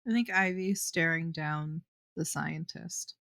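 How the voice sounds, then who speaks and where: A woman playing a tabletop game, speaking in a quiet, offhand way. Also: deep voice, slow, vocal fry, no room sound, clean studio sound. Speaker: player. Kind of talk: casual tabletop play.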